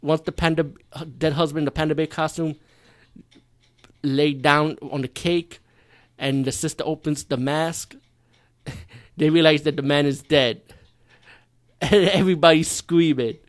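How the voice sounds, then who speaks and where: A man's voice: a little high, steady tone, unhurried, long pauses. Profane, exasperated male movie reviewer. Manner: profane, exasperated, incredulous, swings from loud outbursts to muttering.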